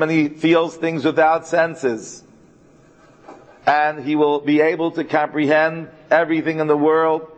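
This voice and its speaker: Guy teaching a torah class, fairly high voice, earnest, slows way down on the verses, dull lo-fi sound. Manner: earnest, mixes Hebrew terms into English; slows right down to stress key verses.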